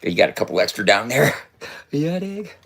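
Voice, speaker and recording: A man in his fifties vlogs in a casual, rambling way, loose, profane and boastful, laughing often. His mid-range voice swings widely in pitch at a moderate pace, sounding creaky and fairly bright, with a little hiss or hum on the recording.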